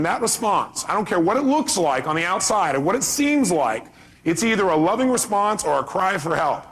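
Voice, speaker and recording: A man's voice: high-pitched, a bit bright, slightly rough. A middle-aged man giving a live seminar talk as a motivational speaker, emphatic and firing rhetorical questions at the audience.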